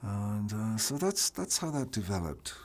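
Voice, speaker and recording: Irish-born guy in a casual interview, lowish voice, tells stories with lots of restarts and repeats. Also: unhurried. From Ireland. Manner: animated storyteller with frequent restarts and repeated words. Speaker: interview guest, actor.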